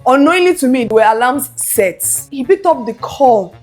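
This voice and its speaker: A woman's voice: sits high, quick pace, hardly any pauses, soft background music. A young woman animatedly telling a personal story to her viewers, acting out the other voices. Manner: animated, acts out quoted voices. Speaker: vlogger. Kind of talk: casual storytelling.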